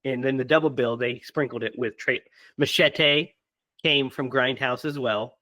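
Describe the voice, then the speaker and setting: A man hosting a casual horror movie podcast, chatty and quick to laugh, with fillers and restarts. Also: medium pitch, steady tone, sharp tone, dry recording. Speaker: podcast host.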